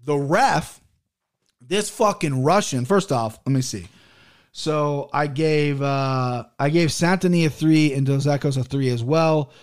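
A man's voice: fairly high pitch, unhurried. A man hosting a casual solo commentary podcast, blunt and opinionated, swearing freely as he reviews fights. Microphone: headphones and desk mic.

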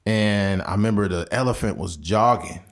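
A man's voice: fairly low pitch, moderate pace. A man co-hosting a podcast, chatting casually with crude jokes and frequent laughter. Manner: crude, joking, laughs often, puts on quoted voices. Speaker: podcast co-host. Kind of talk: casual chat.

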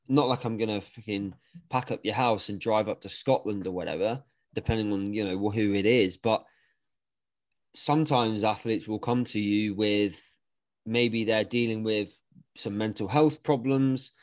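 A man's voice: fairly low pitch, a little mellow. A man co-hosting a podcast, a coach talking casually and frankly with rambling asides and casual swearing. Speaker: podcast co-host and weightlifting coach.

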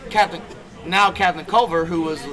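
A man telling stories with a high voice, swearing freely and laughing through his anecdotes. Chatter from a crowd fills the background, and he sounds loose and animated among friends. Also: moderate pace. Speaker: podcast host. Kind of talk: casual storytelling among friends.

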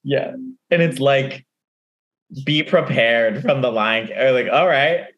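A podcast co-host in casual book-club chat, making dry, quick quips. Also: mid-range voice, muffled recording.

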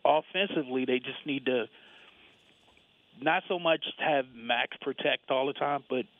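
Man, caller, tinny dry phone line, steady detailed, some ums. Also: mid-range voice, unhurried, no room sound. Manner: steady, detailed breakdown with fillers. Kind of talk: call-in comments.

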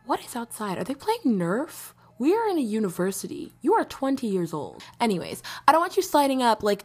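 A woman's voice: on the high side, wildly swooping pitch, normal speed. A woman in her late teens hosting a podcast in a casual, chatty, rambling way, with frequent laughter and mock-dramatic outbursts. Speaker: podcast host. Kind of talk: casual chat.

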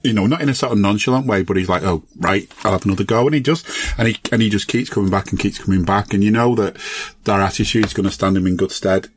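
Man, Liverpool accent, very low voice, casual podcast football chat, rambling, self-correcting. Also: fast talker, slight background noise. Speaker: podcast co-host.

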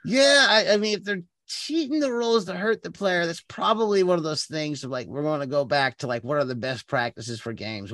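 A man co-hosting a casual tabletop gaming chat, talking in an animated, rambling way and correcting himself often. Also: mid-range voice, no echo, studio quality. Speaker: podcast co-host and game master.

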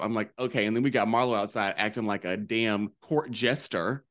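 A man co-hosting a podcast, recapping in casual chat with animated, profane, gossipy storytelling. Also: on the low side, a little fast. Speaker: podcast co-host.

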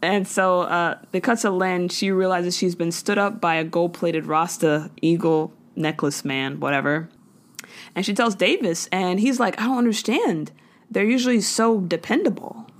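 A woman hosts a podcast, recapping a sitcom episode with animated, slangy storytelling. She acts out the characters' lines as she goes. Her voice sits a little low for a woman. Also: a little slow. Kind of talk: casual chat.

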